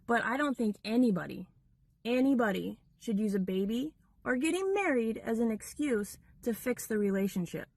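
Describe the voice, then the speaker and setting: A woman's voice: fairly high pitch, animated, moderate pace, a little mellow, no room sound. A young woman ranting to camera in a blunt, exasperated tone. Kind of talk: casual rant to camera.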